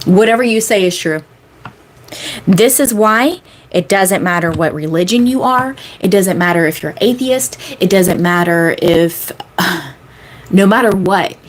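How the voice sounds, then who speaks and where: A woman's voice: fairly low pitch, measured pace. A woman in her thirties, a manifestation coach chatting casually on a live-stream Q&A, rambling with lots of fillers and repeating key phrases for emphasis.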